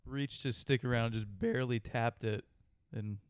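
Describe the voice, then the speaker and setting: A man's voice: medium pitch, fairly even intonation, normal speed, smooth, dry recording, studio quality. A man co-hosting a sports talk show, giving brief, plain recaps of a game. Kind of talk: casual sports commentary.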